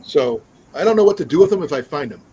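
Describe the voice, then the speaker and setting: A man's voice: a little high, expressive, fast talker, warm tone, low-quality recording. A man hosting a casual live stream, chatting in a rambling way with many fillers and restarts. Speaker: livestream host.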